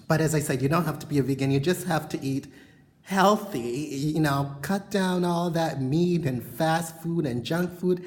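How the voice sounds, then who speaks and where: A woman's voice: deep voice, a little mellow. Frank rambling woman vlogging from bedroom. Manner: frank, rambling, heavy on "you know" fillers. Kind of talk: casual chat to camera. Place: bedroom at home.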